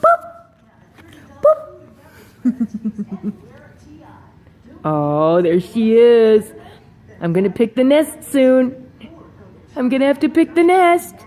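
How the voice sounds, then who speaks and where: A woman's voice: fairly high pitch, animated, very slow, pauses often, a little mellow. A woman chatting to her pet bird in a home video, cooing in baby talk with frequent giggles.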